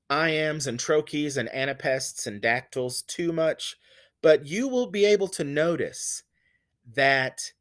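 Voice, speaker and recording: A man teaching poetic meter, explaining step by step with fillers and self-corrections, and reading verse lines slowly with heavy stress on the beats. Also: a little high, a bit bright. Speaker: poetry teacher. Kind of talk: classroom lecture on poetic meter.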